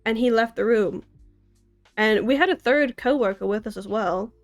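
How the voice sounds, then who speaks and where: A woman's voice: fairly high pitch, moderate pace. Young woman, American accent, casual stream chat, rambly, giggly, faint music underneath. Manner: rambling, giggly, self-deprecating. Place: apartment room in a city. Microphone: desk mic.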